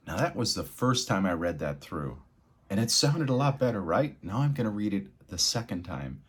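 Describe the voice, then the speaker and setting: Husky low male tutor, lively melody, unhurried delivery; for a reading lesson. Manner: expressive, swings between quiet and loud. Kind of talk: energetic spoken lesson with read-aloud demos.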